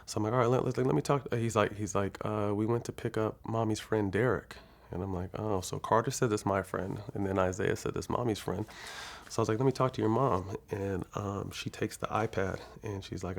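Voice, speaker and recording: A man with a low, gravelly voice recounts a personal story as an interview guest. He talks in a loose, laid-back way, full of fillers and swearing. His tone stays casual and conversational. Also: fairly even intonation, fairly quick. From California. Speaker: interview guest, former basketball player.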